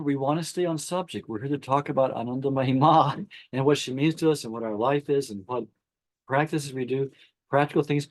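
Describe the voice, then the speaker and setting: A man hosting a spiritual gathering, reading a devotional account aloud at an unhurried pace and stopping to comment before opening the floor to discussion. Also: medium pitch, a little mellow, no room sound. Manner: reads slowly, stopping to comment and restart phrases. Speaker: satsang host.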